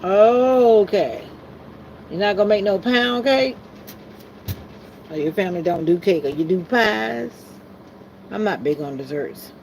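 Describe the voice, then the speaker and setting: A woman's voice: on the low side, animated, measured pace, gravelly, pauses often, poor audio. A woman from South Florida hosting a casual livestream, chatting and reading viewer comments aloud. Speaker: livestream host. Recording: loud background hum of air conditioning and engine.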